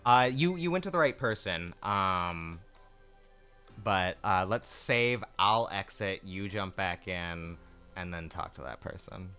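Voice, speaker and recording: Bright-voiced, joking male game streamer. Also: low-pitched, lively intonation, smooth, soft background music. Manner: joking, teasing, quick asides. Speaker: co-host streamer. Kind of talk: casual gaming chat.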